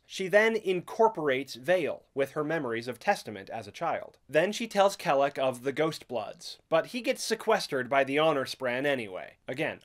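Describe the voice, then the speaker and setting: A man narrating a brisk scripted book recap as host, with playful asides. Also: on the high side.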